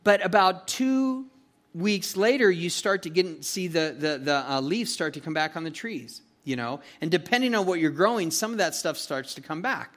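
A man with a slightly raised pitch teaching a verse-by-verse sermon. He talks in a folksy, chatty way, full of fillers, and keeps checking in with his listeners. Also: expressive, moderate pace, a bit bright. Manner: folksy and chatty, asks "okay?" and "you know", with many fillers. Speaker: pastor teaching a Bible study.

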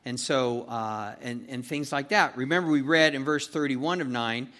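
A pastor giving a conversational verse-by-verse sermon in a folksy, chatty way, often checking in with "okay?" and "you know". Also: male voice, mid-range voice, moderate pace, bright, forceful tone. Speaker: pastor teaching a Bible study.

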